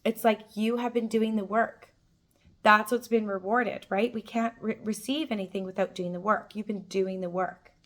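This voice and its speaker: A woman's voice: steady tone, normal speed. Upbeat woman giving a spiritual tarot reading. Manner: affirming, enthusiastic, with frequent "like" and "boom". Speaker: tarot reader.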